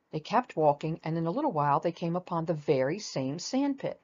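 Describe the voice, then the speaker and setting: An older woman reads a children's storybook aloud, gentle and expressive, with a fairly low voice. The recording is dull and lo-fi. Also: brisk.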